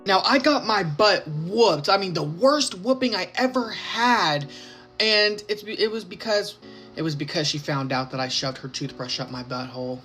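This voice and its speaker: A woman with a fairly low voice tells a crude, joking story in a loose, casual way, slipping into the voices of the people in it. Music plays steadily behind her. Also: moderate pace. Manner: crude, joking, lively quoting of others. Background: background music.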